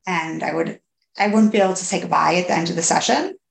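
A woman in her thirties tells her own story in a halting, candid way, stopping and restarting and leaning on fillers. Her voice sits low and carries a gravelly edge. The recording has the echo of a bare room. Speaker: podcast guest. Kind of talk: candid personal interview. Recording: echoey room.

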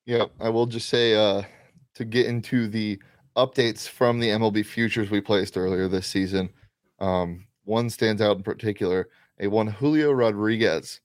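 A man's voice: fairly low pitch, steady tone, normal speed, dry recording, clean studio sound. Upbeat male sports-betting show host. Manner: upbeat, enthusiastic, with frequent fillers. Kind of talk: casual sports betting chat.

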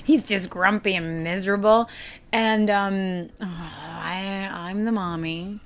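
Giggly woman speaking slowly on set. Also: mid-range voice, steady tone. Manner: giggly, hesitant with many restarts. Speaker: actress interviewed on a film set. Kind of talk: casual interview chat. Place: on a film set.

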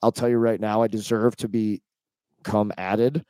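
Low, dark-voiced man joking on a podcast. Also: level tone, fairly quick, no room sound. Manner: chatty, joking, opinionated. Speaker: podcast co-host. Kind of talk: casual chat.

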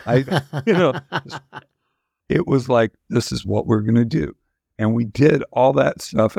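A man's voice: medium pitch, gravelly, a little mellow, breathy edge, dry recording, clean studio sound. An older man, a musician guest, telling long candid stories in a casual interview, rambling with restarts.

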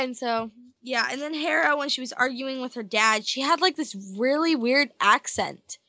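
A woman's voice: high voice, normal speed, sharp tone, dry recording. A young woman on a casual podcast, chatty and retelling things with frequent "like". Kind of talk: casual discussion.

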